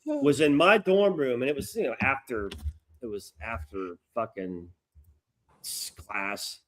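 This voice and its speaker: A man's voice: mid-range voice, animated, unhurried. A middle-aged man co-hosting a podcast, telling a long, profane story in casual chat. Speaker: podcast co-host.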